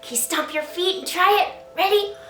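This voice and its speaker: High-pitched lady reading a kids' story, slow and sing-song, kinda echoey and far from the mic. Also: bright, forceful tone, faint music behind. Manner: slow, sing-song and playful, invites kids to join in. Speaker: children's author reading her picture book. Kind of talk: storytime read-aloud for children.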